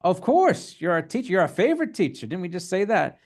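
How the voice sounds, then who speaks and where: A man mimicking flattering high school students in a raised, sing-song voice. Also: brisk, heavily acted. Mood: fawning.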